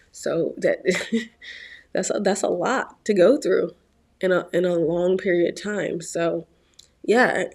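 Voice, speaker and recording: A woman's voice: lowish voice, darkish tone. A woman in her twenties from Virginia, talking casually to camera as a vlog host, rambling, repeating words and laughing often, while feeling unwell. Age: 20s.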